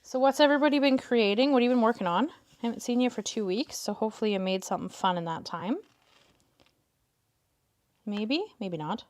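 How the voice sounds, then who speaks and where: A woman hosting a casual crafting livestream, chatting with viewers and coaxing her cats in a soft voice. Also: fairly high pitch, a little fast, long pauses. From Canada.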